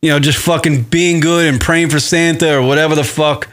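A man's voice: on the high side, fairly even intonation, brisk, fairly bright tone. A man co-hosting a radio show, bantering in casual chat with a profane, sardonic manner. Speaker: podcast co-host.

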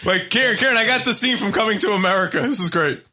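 A man co-hosting a radio show, joking and swearing in animated banter. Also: high voice, quick pace. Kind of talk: casual, profane studio banter. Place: radio studio.

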